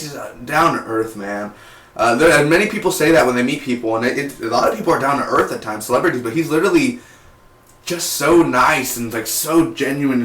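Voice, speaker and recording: A young man casually reviewing a TV episode, rambling and excitable, with lots of "like" and "man". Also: mid-range voice. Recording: echoey room.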